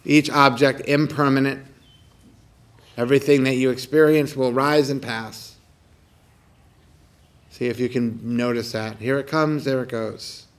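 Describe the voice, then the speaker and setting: A man who teaches meditation, guiding a mindfulness practice outdoors in a calm, gentle, unhurried way with soft, repeated questions. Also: mid-range voice. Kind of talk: guided meditation talk. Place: outdoors on a morning walk.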